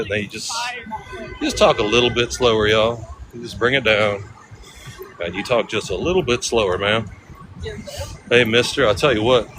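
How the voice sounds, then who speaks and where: Against a noisy background, a low-voiced man from California livestreams outdoors in a city at night, from the street and a ferry. Talking into his phone, he keeps things casual, relaxed and full of slang.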